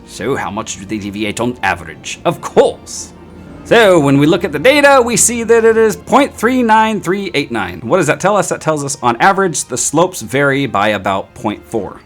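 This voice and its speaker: A man teaching statistics in a screen-recorded lecture, with playful, self-mocking asides and sudden high-pitched outbursts. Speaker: statistics instructor.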